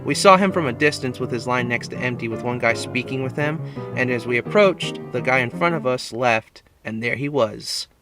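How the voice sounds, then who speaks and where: A man's voice: mid-range voice, normal speed. A man reading a scripted tribute narration in an earnest, reflective way. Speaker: video essay narrator. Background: music.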